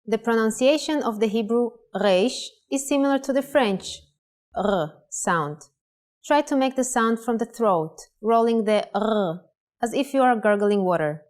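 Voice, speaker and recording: A woman presenting a scripted language lesson, pronouncing words clearly and carefully. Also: on the high side, expressive, normal speed, darkish tone. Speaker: language teacher.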